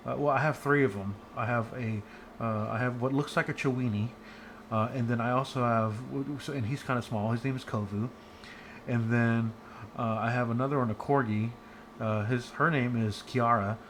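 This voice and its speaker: A man's voice: mid-range voice, fairly bright tone, slight background noise. A man giving a casual online chemistry lecture from home, chatty and rambling with many fillers and restarts.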